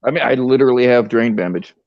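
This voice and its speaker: A man's voice: mid-range voice, quick pace, dry recording. Profane rambling man telling a story. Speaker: streamer. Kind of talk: crude comedic storytelling. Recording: dull lo-fi stream audio.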